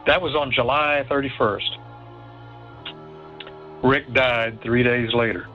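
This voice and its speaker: A man telling a ghost story in an animated way, stammering, repeating words and acting out what others said. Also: mid-range voice, slow pace, muffled recording, faint music behind. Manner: stammers and repeats words, acts out quoted voices. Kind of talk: animated spoken anecdote.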